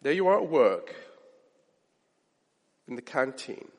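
A man preaching a sermon in an animated way, acting out the voices of people he quotes. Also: medium pitch, takes it slowly. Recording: long hall reverb.

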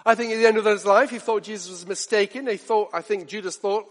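Passionate high-voiced male preacher in a reverberant hall. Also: steady tone, quick pace. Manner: passionate, direct questions to listeners, swings from loud to hushed. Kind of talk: sermon.

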